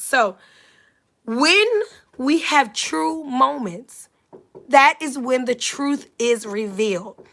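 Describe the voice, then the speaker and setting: A woman's voice: high voice, creaky, bright, forceful tone. A young adult woman giving a motivational talk in an emphatic, repetitive preaching cadence, her voice slightly scratchy from allergies. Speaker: motivational speaker.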